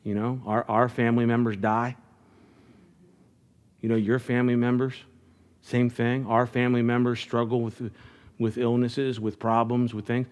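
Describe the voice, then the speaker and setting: A man's voice: medium pitch, flat delivery, normal speed, pauses often. A middle-aged man preaching a sermon as pastor, earnest and conversational, often restarting his phrases.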